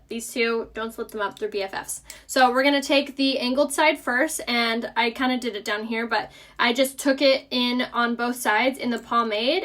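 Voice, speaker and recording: A woman's voice: on the high side, fairly bright tone. A young woman with a Southern US accent hosting a casual live makeup tutorial, chatty and upbeat as she answers viewer comments.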